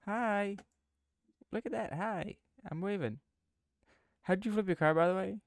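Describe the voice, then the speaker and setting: A man hosting a casual gameplay video, excitable and yelping, given to playful trash talk. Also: high voice, unhurried, no room sound. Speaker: gaming video host.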